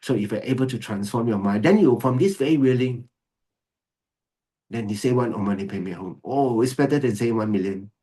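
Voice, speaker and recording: A man's voice: medium pitch, fairly quick, dark tone, breathy edge. A man giving an earnest, emphatic Buddhist dharma talk, often repeating key words. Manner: earnest, repetitive, emphatic, switches to Mandarin. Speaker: Buddhist teacher. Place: video call recording.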